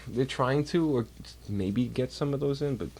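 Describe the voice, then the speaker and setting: Streaming from home on his computer mic, a man rambles casually and swears while doing chores. His voice is medium-pitched and a little mellow, at a moderate pace.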